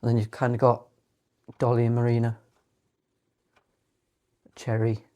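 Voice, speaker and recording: Man, theatre director guest, relaxed, dry understated humour. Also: medium pitch, measured pace. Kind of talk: casual podcast chat.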